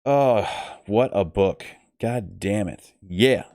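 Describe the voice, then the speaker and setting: A man reading a novel aloud on a stream, then chatting casually in an animated, joking way and swearing freely. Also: fairly low pitch, slow pace, no room sound, clean studio sound. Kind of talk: storybook reading and casual chat.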